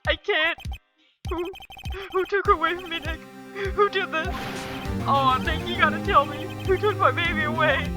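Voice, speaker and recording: A woman's voice: very high-pitched, normal speed, over music, voice pushed up. A woman voicing a panicking young male murder suspect, wailing and melodramatic. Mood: despairing.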